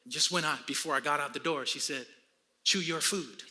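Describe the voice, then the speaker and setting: A man's voice: fairly high pitch, steady tone, fast talker, heavy background noise. A man in his fifties preaching a sermon, telling a personal story with humor to his congregation. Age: 50s. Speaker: pastor.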